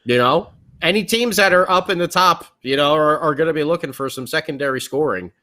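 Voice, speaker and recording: A man's voice: on the high side, a little fast, sharp tone. A man hosting a podcast, chatting casually about hockey trades in a rambling way with many restarts. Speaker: podcast host. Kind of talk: casual sports chat.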